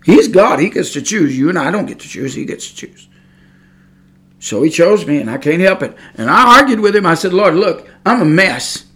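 A man preaching a sermon, fervent, moving from quiet asides to loud shouted peaks in a folksy church cadence. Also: fairly high pitch, very animated, a little fast.

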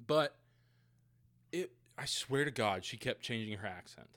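With no room sound, a young man speaks unhurriedly at a medium pitch as he co-hosts a podcast. He's recapping a film casually and animatedly, cursing a lot, laughing frequently, acting out lines and getting riled up.

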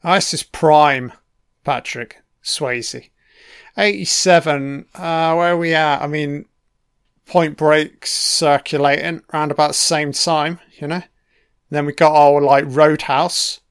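A man's voice: a little high, fairly even intonation, takes it slowly, a bit bright, clean tone, no echo, clean studio sound. A man giving a casual, laid-back film commentary, swearing often and talking back to the characters on screen.

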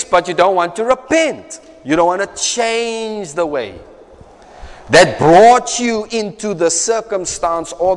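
A man preaching a sermon in a conversational way, repeating phrases and often asking "right?". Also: high voice. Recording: echoey hall.

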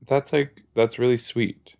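A man's voice: medium pitch, little pitch movement, unhurried, vocal fry, darkish tone. A man hosting a podcast, chatting casually as he reacts to a TV episode, full of "like" and "you know".

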